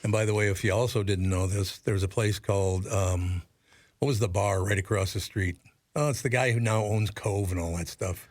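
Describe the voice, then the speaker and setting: An older radio man from Minnesota spins wry stories with bursts of laughter. His voice sits low and sounds dry and close. The talk is loose and casual. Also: normal speed, no room sound. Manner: wry storyteller, animated laugh-filled anecdotes. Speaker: guest, radio broadcaster. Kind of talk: casual chat.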